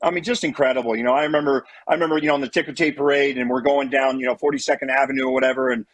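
A middle-aged man, a former pitcher and guest, telling long rambling stories with lots of "you know" and restarts. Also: steady tone, very fast, no echo. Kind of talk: casual storytelling.

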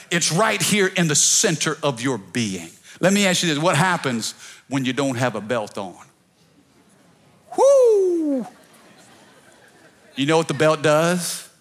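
High-voiced preaching man pastor. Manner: preaching with call-and-response, rising to shouts. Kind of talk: sermon. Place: church service.

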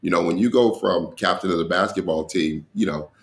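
A man with a very deep, gravelly voice, a comedian spinning lively stories in an interview. He acts out each person in the tale and laughs often. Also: brisk. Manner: animated storyteller who acts out dialogue and laughs. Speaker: comedian guest. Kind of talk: storytelling in an interview.

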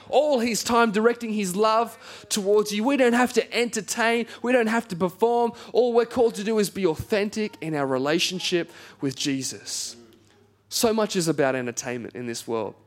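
Aussie pastor guy, fairly high voice, chatty sermon with funny stories. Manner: conversational, self-deprecating, acts out quoted voices. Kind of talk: sermon with storytelling. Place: church.

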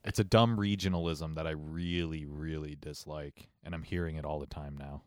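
A man from Ohio co-hosting a podcast, chatting casually with mock-grumpy deadpan complaints. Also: very deep voice, normal speed, no echo, clean studio sound. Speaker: podcast co-host. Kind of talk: casual chat.

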